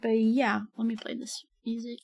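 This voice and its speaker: A young woman streaming while she draws, chatting casually, giggling often and reading chat out loud. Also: on the high side, completely flat delivery, normal speed, gravelly, breathy edge.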